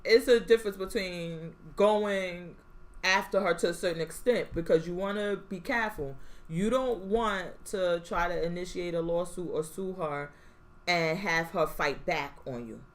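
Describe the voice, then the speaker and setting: A young adult woman co-hosting a podcast in casual chat, animated, laughing often and acting out quotes. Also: lowish voice, unhurried. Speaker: podcast co-host.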